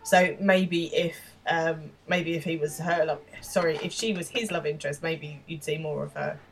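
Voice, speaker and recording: A woman's voice: deep voice, fairly even intonation, moderate pace, far from the mic, a little hiss or hum, poor audio. A woman co-hosting a podcast, chatting casually through an episode recap and laughing often as she retells scenes. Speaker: podcast co-host.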